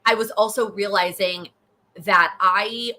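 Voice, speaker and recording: A bright, clear-toned young woman hosts a live question-and-answer stream. Her talk is loose and chatty, full of restarts and casual fillers as she answers viewers. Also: mid-range voice, fairly even intonation, measured pace. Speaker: host, goal-setting coach. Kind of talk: live Q&A chat.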